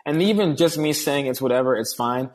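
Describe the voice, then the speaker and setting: Man, podcast guest, earnest storyteller, acts out dialogue, middle pitch. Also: animated, fairly quick. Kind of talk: casual storytelling in conversation.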